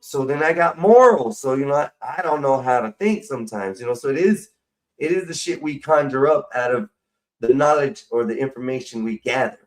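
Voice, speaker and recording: Man, casual livestream rant, profane, drinking, mid-pitched voice. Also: low-quality recording. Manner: profane, rambling, drinking while talking. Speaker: stream host. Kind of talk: casual rambling livestream chat.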